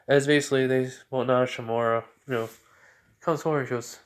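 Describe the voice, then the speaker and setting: A man's voice: mid-range voice, fairly even intonation, fast. Rambling young man telling a fan story. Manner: rambling, full of fillers like "well" and "basically". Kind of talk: casual improvised story narration.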